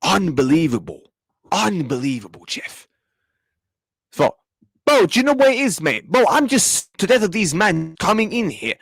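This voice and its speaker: A young man, furious after a match and snapping back at his chat. His voice sits high and jumps all over the place as he rants. The sound is dry and close. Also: very animated, normal speed, gravelly, a bit bright, husky, no room sound. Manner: angry, repetitive, swearing, talks back to chat. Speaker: football reaction streamer. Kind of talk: live match reaction rant.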